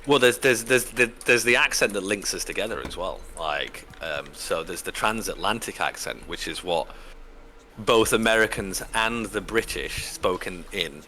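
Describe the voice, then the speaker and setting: Lively, bright-voiced low man. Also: moderate pace, slight background noise. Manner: rambling, animated, with many restarts. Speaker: stream guest. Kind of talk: casual live-stream chat.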